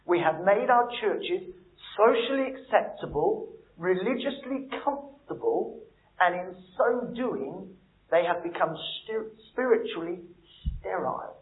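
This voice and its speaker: Male preacher, very high voice, blunt, swings quiet to loud; echoey, phone-like recording. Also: animated, a little slow. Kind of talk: sermon. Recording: echoey room over a tinny, phone-like line.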